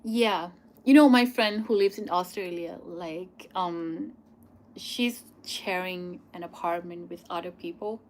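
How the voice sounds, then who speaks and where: A young woman from Thailand, a native Thai speaker with a Thai accent, hosts a live question-and-answer stream, answering viewer questions in a loose, chatty way full of "like" and "um" pauses. Her voice is lowish with a darkish tone.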